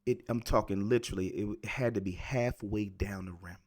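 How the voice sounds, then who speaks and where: A man in his late forties tells a personal story with plain earnestness. He circles back and repeats words to press his point, and his voice sits a little low. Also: steady tone, a little fast, darkish tone. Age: 40s. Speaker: motivational speaker.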